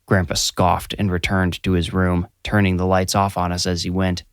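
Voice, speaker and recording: A young adult man narrating a scripted first-person horror story in a measured, steady way. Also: low voice, smooth, dry recording, studio quality. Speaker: narrator and writer.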